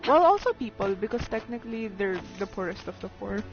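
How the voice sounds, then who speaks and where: A woman gamer gives casual let's play commentary, laughing often and talking back to the game's characters. Her mid-range voice is expressive and a little fast. The dull lo-fi recording has clear background noise and music behind her.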